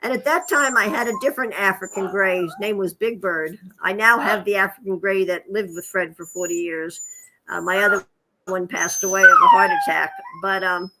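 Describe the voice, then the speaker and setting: This interview guest works as a hospice nurse and rescues animals, and she shares casual stories punctuated by laughter and remarks to her parrot. Her medium-pitched voice swings widely in pitch at a normal pace, and there's a lot of noise.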